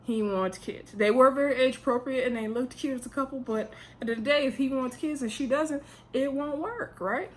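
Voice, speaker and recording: A woman's voice: high-pitched, fairly quick, few pauses. A woman in a casual vlog, chatting with emphasis and talking straight to her viewers as she recaps a reality show.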